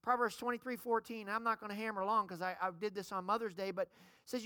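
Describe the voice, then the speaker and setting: A middle-aged woman pastor preaching a sermon, calling on the congregation to shout amen. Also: on the high side, fast talker, no room sound, clean studio sound. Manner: preaching, calls for amens from the congregation.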